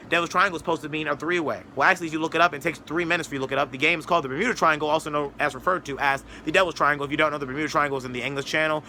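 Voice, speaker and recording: Bright, gravelly-voiced man ranting fast. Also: on the high side, slight background noise. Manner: rambling, sarcastic, mocking quotes. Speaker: political commentator. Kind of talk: casual opinion monologue.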